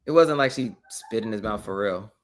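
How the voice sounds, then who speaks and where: A man co-hosting a podcast in casual chat, giving candid, measured opinions with a chuckle. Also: on the low side. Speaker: podcast co-host.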